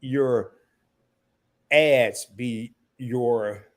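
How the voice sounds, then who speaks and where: A man's voice: mid-range voice, very slow. A man in his fifties hosting a live stream, casual and emotional, sniffling and stammering through restarts as he talks. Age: 50s.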